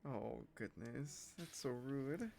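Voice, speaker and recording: A woman's voice: a bass voice, takes it slowly, vocal fry, mellow. A woman game master chatting casually with her players before a tabletop session, easygoing and reassuring. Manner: easygoing, reassuring, lots of fillers.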